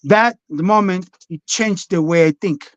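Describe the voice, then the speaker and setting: Man, high voice, blunt and profane, rambling storyteller, dull lo-fi sound. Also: unhurried, dry recording. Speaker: podcast guest. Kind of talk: candid personal storytelling.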